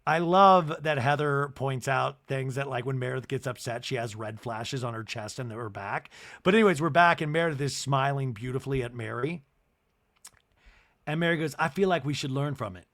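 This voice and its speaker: A man hosting a podcast and giving a comedic recap of a TV episode in a chatty, animated way, acting out what people said. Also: medium pitch, normal speed. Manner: chatty and animated, acts out quotes. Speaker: podcast host.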